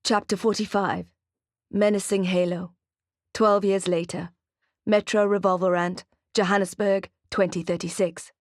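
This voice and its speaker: A woman narrating an audiobook thriller in a steady, expressive reading. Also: medium pitch, unhurried, no room sound, studio quality. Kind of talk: scripted narration.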